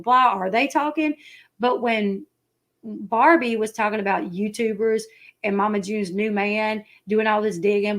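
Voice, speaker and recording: Woman host, Southern country accent, chatty livestream commentary, rambling delivery. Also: mid-range voice. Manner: chatty, rambling, acts out quoted people. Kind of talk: casual livestream chat.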